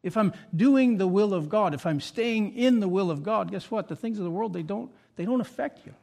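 A pastor delivering a sermon, moving between loud, emphatic points and quiet, reflective asides. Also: male voice, sits high, lively intonation, fairly quick, vocal fry.

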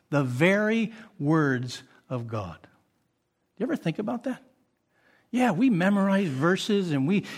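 A man's voice: high voice, husky. A man preaching a sermon as a pastor, earnest and full of rhetorical questions to the congregation.

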